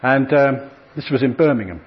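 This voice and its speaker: A man's voice: mid-range voice, animated, normal speed, muffled recording. A middle-aged man, speaking to an audience in a chatty, self-deprecating way with frequent fillers. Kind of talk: anecdotal talk to an audience.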